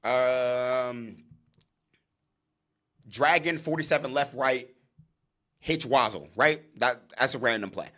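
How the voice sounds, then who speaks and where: A young man hosting his own podcast, talking casually and with animation, jumping into loud acted-out on-field calls. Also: mid-range voice, takes it slowly, pauses often. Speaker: podcast host, former college defensive back.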